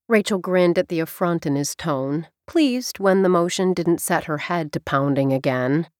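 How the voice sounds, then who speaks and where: A woman narrating an audiobook in a warm, conversational way. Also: on the low side, expressive, unhurried, hardly any pauses, dry recording, clean studio sound.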